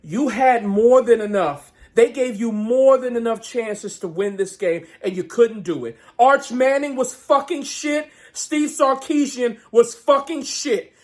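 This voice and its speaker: A man ranting about a football game as a fan vlogger, profane, swinging between shouted outbursts and low muttering. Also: measured pace, hardly any pauses. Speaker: sports vlogger. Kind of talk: angry fan rant.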